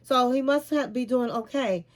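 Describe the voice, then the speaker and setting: High-voiced chatty woman vlogger. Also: moderate pace. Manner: chatty, animated, calls the listener "honey". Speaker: vlogger recapping a reality show. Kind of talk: casual storytelling recap.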